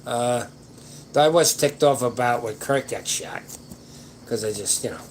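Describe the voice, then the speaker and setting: A man's voice: mid-range voice, measured pace, slight background noise, low-quality recording. An older man hosting a casual late-night chat, giving rambling, folksy advice with slangy grammar to viewer questions. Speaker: livestream host answering viewer questions.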